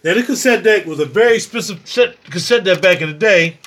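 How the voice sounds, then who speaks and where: A man with a high-pitched voice talks straight to his viewers in his home recording studio. He rambles loosely and jokes, and he calls the viewers y'all. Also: expressive, a little fast, a bit bright. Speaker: home studio owner showing his gear. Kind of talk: casual vlog tour.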